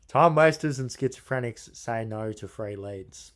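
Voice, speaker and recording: A young man gives a casual, unscripted business tutorial in a mid-pitched voice. He is blunt and crude, and tosses in jokes and slang as he goes. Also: measured pace, slight background noise. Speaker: business coach. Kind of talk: casual how-to video.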